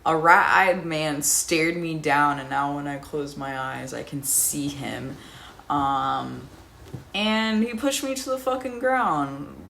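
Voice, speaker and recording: A woman's voice: low voice, takes it slowly, creaky, a bit bright, a little hiss or hum. A young adult woman telling a rambling, profane story in a casual vlog, often laughing. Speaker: storyteller vlogger.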